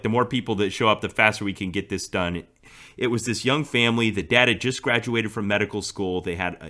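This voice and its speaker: A man's voice: on the low side, sharp tone. A man co-hosting a podcast, telling a story in casual chat and laughing often. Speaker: podcast co-host.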